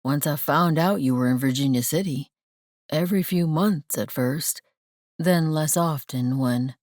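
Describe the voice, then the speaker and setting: An earnest young man speaks low and soft with heartfelt remorse, as a woman narrator reads him. His voice sits a touch deeper than hers, unhurried, in a dry close recording. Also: no room sound. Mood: remorseful.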